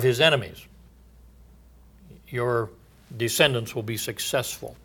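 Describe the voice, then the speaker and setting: A man teaching from the Bible in a sermon, reading verses aloud with emphasis and pausing with many fillers. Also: mid-range voice, expressive, sharp tone.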